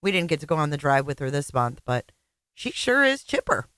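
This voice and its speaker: A woman's voice: deep voice, sing-song, brisk, a bit bright, no echo. A woman hosting a commentary channel, making blunt, sarcastic, profane remarks about a livestream she is playing. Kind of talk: casual reaction commentary.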